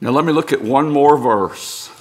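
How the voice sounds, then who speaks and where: A man's voice: mid-range voice, moderate pace. A middle-aged male pastor preaching a sermon, reading scripture aloud and building to emphatic points.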